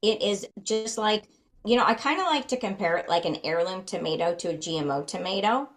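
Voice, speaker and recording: A woman talking as a guest in a casual interview, chatty and quick with frequent fillers. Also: mid-range voice, expressive, poor audio. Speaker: guest, flour company founder.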